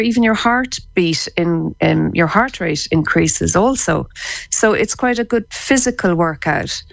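An Irish woman speaks as a radio guest, explaining her work in a relaxed, chatty way. Her voice sits a touch low and she laughs easily, often restarting her sentences. The sound is dry and close. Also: dry recording. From Ireland. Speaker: psychotherapist and laughter therapist guest. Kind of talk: casual radio interview.

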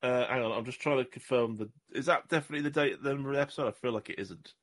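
A man's voice: medium pitch, fast, a bit bright. A man from Southwest England, co-hosting a podcast in casual, jokey chat and often tripping over his words. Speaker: podcast co-host.

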